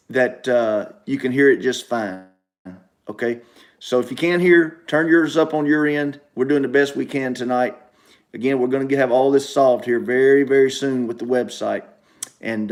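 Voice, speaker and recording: A man hosting a casual livestream show from home, repeating himself and speaking straight to his viewers. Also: medium pitch. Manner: repetitive, emphatic, talks straight to viewers. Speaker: show host.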